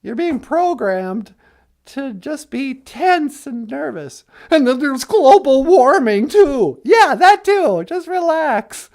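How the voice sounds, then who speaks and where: A man voicing a cheery, brisk female talk-show host on a puppet comedy podcast. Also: extremely high pitch, big pitch swings, a little mellow, heavily acted. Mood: chirpy. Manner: cheery and brisk, gives advice.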